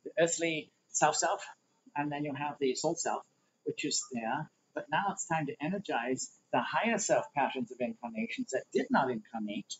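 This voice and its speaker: A man's voice: on the high side, lively intonation, moderate pace, a little hiss or hum. A man teaching a livestreamed spiritual workshop, rambling and conversational while he explains diagrams. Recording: dull lo-fi livestream audio.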